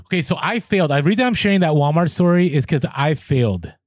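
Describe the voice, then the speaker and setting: A man in casual conversation, slightly high-pitched, recounting a story with lively energy and mimicking the people he quotes. His voice leaps up in disbelief. The sound is dry and close, with no room echo. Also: fast. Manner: animated, acts out quoted people, voice jumps up in exasperation.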